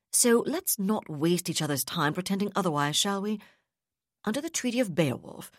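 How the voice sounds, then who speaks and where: A woman voicing an unflinching male naval captain who speaks calmly, firmly and in measured terms. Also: deep voice, no room sound, clean studio sound. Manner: calm, firm, measured.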